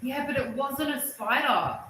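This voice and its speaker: A middle-aged woman from Australia, telling stories in a casual livestream chat, animated and prone to loud excited bursts. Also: high-pitched, measured pace. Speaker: livestream host. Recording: echoey room with loud noise.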